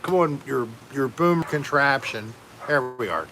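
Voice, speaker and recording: A man's voice: medium pitch, expressive, unhurried, noisy background. A man hosting a casual home livestream, rambling and joking while reading out chat names. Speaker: livestream host.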